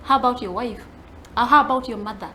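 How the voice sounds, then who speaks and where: Ugandan woman panelist, fairly high pitch, thoughtful and unhurried, light background hiss. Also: bright, forceful tone. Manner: reflective, switches between English and Luganda. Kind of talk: casual chat.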